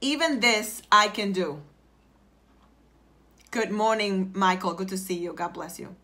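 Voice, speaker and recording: A woman's voice: medium pitch, unhurried, long pauses, bright, forceful tone. A woman life coach giving a motivational livestream talk, greeting viewers by name and driving points home by repeating phrases in a preachy, emphatic way. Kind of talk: live-streamed motivational talk.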